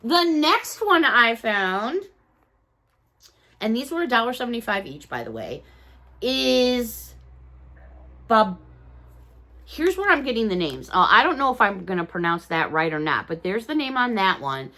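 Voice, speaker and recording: Woman, excitable haul chatter, high bouncy voice. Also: unhurried, long pauses. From Chicago, USA. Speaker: haul vlogger. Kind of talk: casual unboxing chat.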